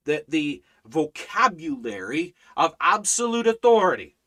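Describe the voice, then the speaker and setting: A man teaches a Bible study in an emphatic preaching voice that sits a bit high for a man and rings bright and forceful. He hammers points home with repetition and rhetorical questions, and he slows down to read scripture aloud in old-fashioned wording. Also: animated. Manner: reads scripture aloud in King James wording. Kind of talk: livestreamed Bible study sermon.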